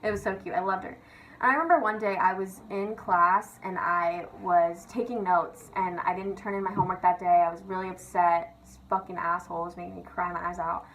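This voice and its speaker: A woman's voice: fairly low pitch, steady tone, a little fast, fairly bright tone, slight background noise, rough recording. A young woman vlogger rants casually and confessionally, chatty and sweary, leaning on "like" and "literally". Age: young adult.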